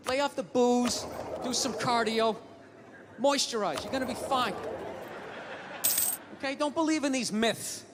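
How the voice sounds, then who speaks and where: A man's voice: very high voice, measured pace, pauses often. A man doing a stand-up comedy routine, swearing a lot and acting out heated arguments in different voices. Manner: profane, ranting, acts out arguments. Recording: loud background noise.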